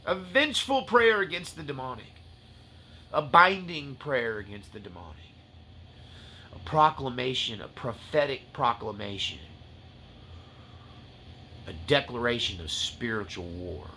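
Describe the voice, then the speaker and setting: A man preaches spiritual warfare in a bright, forceful voice, building to fierce, tearful passion and easing into folksy jokes. A faint hiss of noise sits under the recording. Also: medium pitch, lively intonation, unhurried, long pauses. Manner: impassioned, rising to near-shouts and tearful intensity, then joking asides. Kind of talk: fiery spiritual-warfare teaching.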